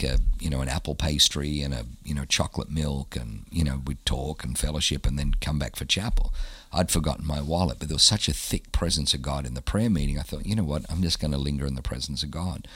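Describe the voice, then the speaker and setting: A very deep, husky male voice, recorded dry and close. He is a pastor who tells his stories with animation and acts out other people's lines. It sounds like relaxed, conversational interview talk. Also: fairly quick, dry recording. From Australia. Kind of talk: storytelling in a casual interview.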